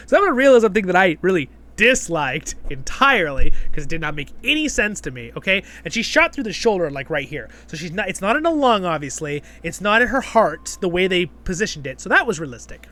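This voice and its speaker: Man, high voice, casual review host, rambling and chatty, keeps checking in with the listener. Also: very animated, quick pace, hardly any pauses, sharp tone. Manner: chatty, rambling, filler-heavy with frequent "right?" checks.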